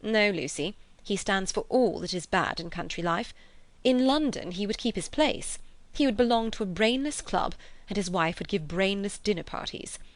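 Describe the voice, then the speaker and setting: A woman reading aloud, voicing a disdainful, mocking young gentleman. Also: mid-range voice, lively intonation, normal speed, dry recording, close to an everyday voice. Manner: cool, sneering, disdainful.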